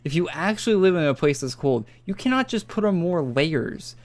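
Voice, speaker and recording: Faint music plays behind this casual live-stream chat, where a young man from northern Alberta, Canada, rambles and swears while gaming. His voice runs on the high side, with a sing-song lilt at a normal speed.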